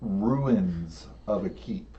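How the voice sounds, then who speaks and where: A man narrating a tabletop game as game master, unhurried and laughing often. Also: sits low, animated, warm tone, distant mic. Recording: dull lo-fi sound, faint room noise.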